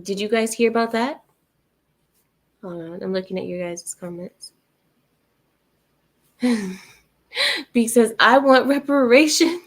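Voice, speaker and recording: A woman's voice: mid-range voice, big pitch swings, slow pace, long pauses. A woman hosting a livestream, reading viewer comments aloud and answering them in a sarcastic, laughing way. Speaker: livestream host reading chat.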